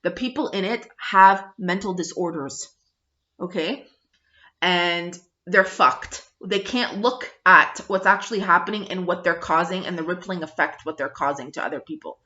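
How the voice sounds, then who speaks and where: Woman vlogger, angry profane rant, bright edgy voice, muffled lo-fi audio. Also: lowish voice, normal speed. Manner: blunt, profane, emphatic. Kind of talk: angry review rant to camera. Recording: dull lo-fi sound.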